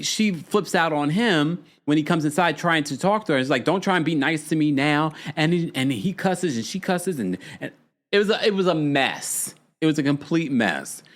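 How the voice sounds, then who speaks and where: A man hosting a podcast, casually recapping a reality show in animated, chatty commentary with frequent laughs and dramatic asides. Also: mid-range voice.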